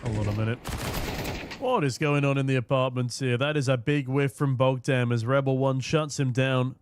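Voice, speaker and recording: A hoarse young man casting an esports match from a booth, with quick, joking play-by-play. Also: medium pitch, steady tone, dry recording. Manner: quick, jokey, punning play-by-play. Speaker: esports caster. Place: casting booth at a live event.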